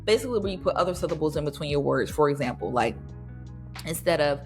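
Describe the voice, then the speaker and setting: Soft music underscores this host, a woman in her thirties whose low voice is expressive and fast. Chatting casually and nostalgically on her podcast, she laughs often and drops into playful voices.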